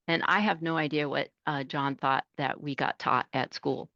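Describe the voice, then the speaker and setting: A woman in her fifties, a truck driver, telling stories in a casual interview, animated and laughing as she acts out voices. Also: deep voice, moderate pace, no echo, highs cut off.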